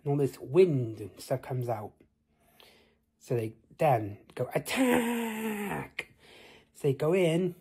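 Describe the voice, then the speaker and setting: A man's voice: medium pitch, lively intonation, unhurried, warm tone, breathy edge. A man telling an improvised fantasy tale in a rambling way, asking the listener questions. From United Kingdom. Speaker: storyteller.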